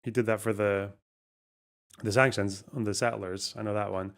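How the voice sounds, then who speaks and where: A man's voice: lowish voice, steady tone, normal speed, fairly bright tone. A man hosting a live stream, talking casually, reacting to chat, and swearing as he goes.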